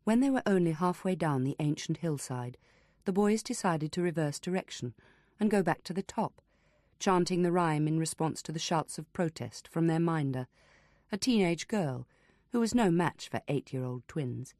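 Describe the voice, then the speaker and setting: A woman reading an unabridged audiobook as narrator, in a measured, even storytelling manner. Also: low voice, no room sound, clean studio sound. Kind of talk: scripted narration.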